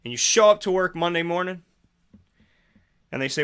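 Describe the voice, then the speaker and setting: Man hosting, bright forceful voice, preachy rhetorical pep talk, repeats lines, acts out both sides of conversations. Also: a little high, expressive, brisk, clean tone. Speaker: host. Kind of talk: motivational morning monologue.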